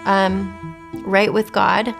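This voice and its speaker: A woman recounts a personal story in a candid, reflective tone, at a middle pitch and even pace. Faint background music plays quietly under her voice. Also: extremely slow, gravelly. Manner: reflective, candid, with soft laughs. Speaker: interviewee sharing her testimony.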